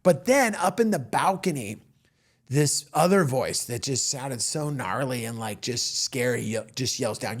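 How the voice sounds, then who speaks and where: A man in his fifties, a comedian hosting his own show, telling stories in an animated monologue and acting out the voices of people in them. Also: medium pitch, measured pace. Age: 50s. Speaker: comedian host. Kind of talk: storytelling monologue.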